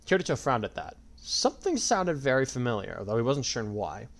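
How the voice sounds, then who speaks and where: A man's voice: medium pitch, expressive, fairly quick, gravelly. A man reading a fan fiction story aloud as narrator in a plain storytelling voice.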